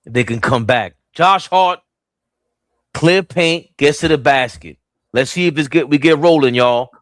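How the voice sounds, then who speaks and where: A man's voice: a little high, a little slow, no echo. A young man doing casual live play-by-play on a fan stream, talking straight to the chat. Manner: excitable, voice jumps up when the action heats up.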